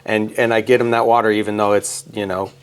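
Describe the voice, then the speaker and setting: A man with a somewhat low voice talks through a Bible passage in a relaxed podcast chat. He is a pastor, and he tells it like a story, pausing now and then to ask "right?" to keep his co-host with him. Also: smooth. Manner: explains scripture through stories, often checks in with "right?". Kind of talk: casual conversational podcast chat.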